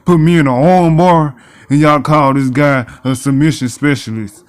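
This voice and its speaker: Gaming YouTuber, male, voice a bit high, exasperated slangy rants over his career-mode game. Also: fairly even intonation, moderate pace. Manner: reads game text aloud. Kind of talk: casual gameplay commentary.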